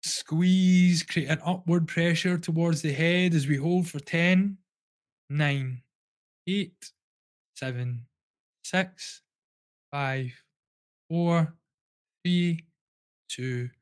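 Calm man guiding a breathing exercise. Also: fairly high pitch, dry recording. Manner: calm, slow, soothing instructions. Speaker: breathwork coach, guest.

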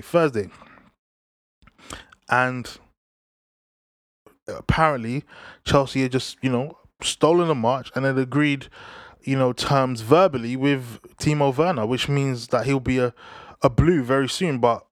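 A young man, chatting casually about football transfers in an animated, slangy way, talking straight to his viewers. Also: mid-range voice, unhurried, long pauses, dry recording, clean studio sound. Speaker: football vlogger.

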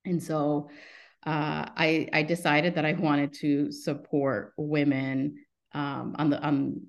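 A woman in her thirties with a low, creaky voice speaks slowly and flatly, and the sound is lo-fi. As a podcast guest in a casual interview chat, she rambles through her story, cuts herself off mid-sentence, and acts out other people's lines.

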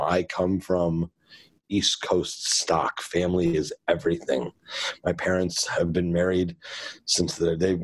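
A man's voice: deep voice, a little mellow. A man in an interview, frankly telling a personal story in a plainspoken way, often correcting himself mid-sentence. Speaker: guest.

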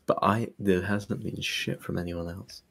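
Male stream co-host, low and husky, unhurried, low-key. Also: steady tone. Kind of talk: casual livestream chat.

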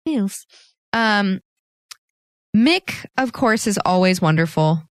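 A woman in her twenties talks casually as a podcast co-host, her pitch bouncing up and down a lot. She is chatty and giggly, and the recording is close and dry with no room sound. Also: expressive, normal speed, fairly bright tone, no room sound. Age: 20s. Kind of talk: casual chat.

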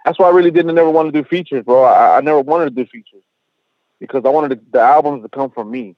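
A man's voice: mid-range voice, quick pace, dry recording, highs cut off. A man speaking as a rapper guest in a casual interview, slangy and profane, leaning on "bro" and "you know what I'm saying," and mixing in Spanish phrases.

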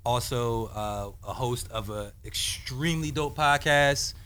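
Male podcast host, casual slangy delivery, faint background hiss, mid pitch. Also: measured pace, sharp tone. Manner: laid-back, slangy, laughs easily. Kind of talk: casual group podcast chat.

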